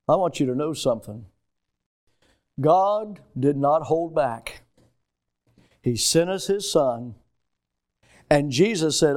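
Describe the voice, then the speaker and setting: A man preaching a sermon as a pastor, emphatic, moving between loud stressed phrases and hushed asides. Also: a little high, normal speed.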